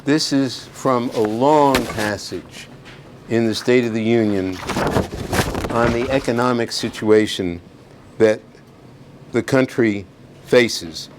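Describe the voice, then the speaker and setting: A man speaking as a guest lecturer, reading excerpts in a measured way. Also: mid-range voice, noisy background. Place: classroom.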